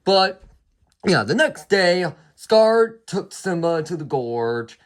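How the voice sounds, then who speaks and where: A man's voice: high voice, very animated, slow. A man retelling a movie's plot in a casual review, rambling and chaining "and then", often restarting and apologizing.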